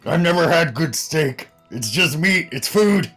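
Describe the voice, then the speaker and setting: A man's voice: fairly high pitch, animated, unhurried, a bit bright, slightly rough, soft background music. A man playing a tabletop game, talking hesitantly with many fillers and a playful tone. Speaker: player. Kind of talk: casual tabletop role-play.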